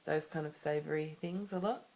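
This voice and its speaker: A woman's voice: low-pitched, normal speed, a little mellow. A woman with an Australian accent talking to camera in a personal vlog, candid and rambling, with many restarts and asides. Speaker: vlogger.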